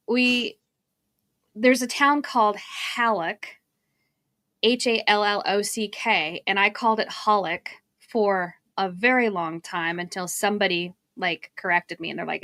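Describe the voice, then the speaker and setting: A woman's voice: mid-range voice, fairly even intonation, a little slow, bright, forceful tone, no echo, studio quality. A woman from Arizona co-hosting a marketing livestream, chatty and laughing as she drifts into tangents. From Arizona, USA. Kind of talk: casual live-stream chat.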